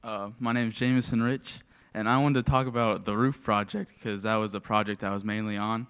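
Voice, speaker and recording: A teenage boy shares a church testimony in a plain, slightly hesitant way. His voice is low and smooth. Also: little pitch movement, brisk, muffled recording. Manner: plain, hesitant, with filler words. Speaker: youth mission trip member.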